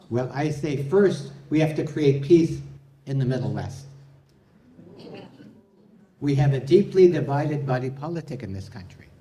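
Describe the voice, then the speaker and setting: A man's voice: fairly high pitch, warm tone. A man performing a live stand-up comedy set, delivering puns to an audience in a hall. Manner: punning, playful delivery with audience laughter.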